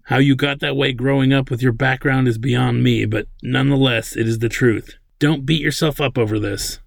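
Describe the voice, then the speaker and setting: A man's voice: medium pitch, steady tone, normal speed, creaky, no room sound. A man reading a dry-humored old inventor. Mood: fatherly. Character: brilliant older male inventor, dry humor.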